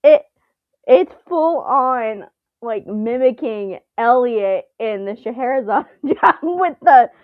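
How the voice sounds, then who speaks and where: Animated chatty woman, slightly dull sound. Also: fairly high pitch, slow pace, dry recording. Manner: animated, laughs often, playful voice imitations. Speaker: co-host. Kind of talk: casual chat reacting to a TV episode.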